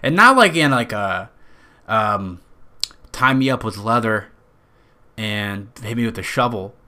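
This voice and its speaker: A man's voice: on the low side, expressive, unhurried, sharp tone. Nasal Western New York man rambling. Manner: rambling, profane, jokey. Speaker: podcast host. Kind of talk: casual podcast monologue.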